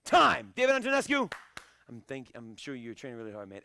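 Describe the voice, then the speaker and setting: A man coaching a live online karate fitness class, shouting encouragement and countdowns and joking between sets over a video call. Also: medium pitch, wildly swooping pitch, fairly quick, vocal fry. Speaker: karate instructor.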